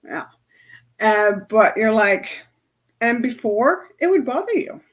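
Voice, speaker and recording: A woman's voice: a little high, big pitch swings, slow. A woman energy healer chatting casually to her followers, telling stories and laughing often.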